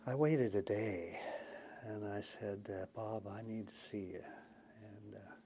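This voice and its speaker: A man's voice: on the low side, measured pace, warm tone, slight background noise. An older man and former senator telling folksy, anecdotal stories in an oral history interview, chuckling and acting out quotes.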